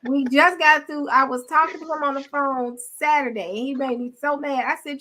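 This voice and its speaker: Lively high-voiced woman telling stories. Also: moderate pace, hardly any pauses. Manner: animated storytelling, acting out quarrels. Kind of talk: casual chat.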